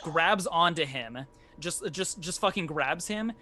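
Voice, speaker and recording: A man's voice: a little high, animated, unhurried, sharp tone, a little hiss or hum. A man running a tabletop game as game master, narrating combat loosely with fillers and swearing.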